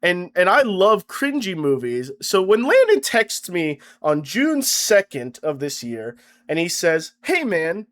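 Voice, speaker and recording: Young male vlogger, high-pitched, deadpan-sarcastic comic rant, profane, stammers and restarts. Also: unhurried. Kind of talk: comedic rant to camera.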